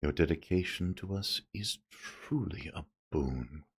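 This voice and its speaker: A man voicing a gentle, grateful female creature queen in a game, speaking slowly and formally. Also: deep voice, breathy edge, heavily acted. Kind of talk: reading game dialogue aloud.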